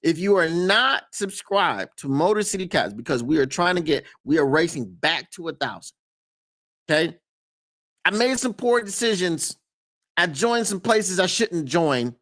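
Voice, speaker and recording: A man hosting a podcast live stream in casual chat, emphatic and quick to laugh, repeating his points for effect. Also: fairly high pitch, animated, fairly bright tone.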